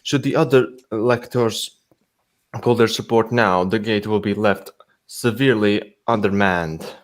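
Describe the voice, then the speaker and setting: A man reading the part of a hesitant, dutiful young prince in a halting, unpolished way, in a fanfic read-aloud. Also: on the low side, lightly acted.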